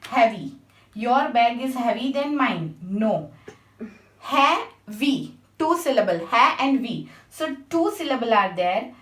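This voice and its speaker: A woman's voice: fairly high pitch, animated, a little slow, a bit bright. A woman teaching a grammar lesson, patiently spelling out letters and checking with her class. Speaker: English teacher. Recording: echoey room, mic at a distance.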